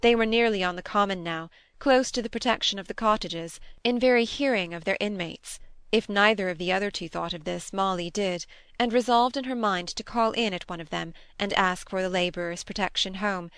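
A woman narrates a novel in a measured, steady way. Her voice sits at a middling pitch. The recording is dry and close. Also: smooth, no room sound. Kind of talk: audiobook narration.

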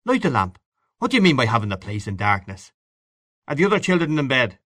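A man's voice: medium pitch, big pitch swings, brisk, no echo, studio quality, pitched above the performer's own voice. A man reading a story aloud and voicing a big, angry, bullying father who barks his words. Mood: gruff. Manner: gruff, shouting, menacing.

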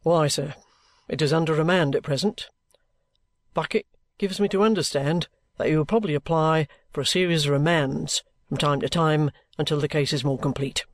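A man voicing a bluff, steady middle-aged ex-soldier who talks plainly and good-humouredly. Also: a little high, normal speed, no room sound, pitched below the performer's own voice, natural voice.

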